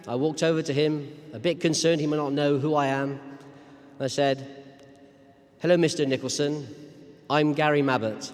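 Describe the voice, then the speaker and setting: A man's voice: fairly high pitch, long reverb tail. A man at a memorial earnestly recalling how he first met his old manager. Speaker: memorial speaker. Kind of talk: eulogy anecdote.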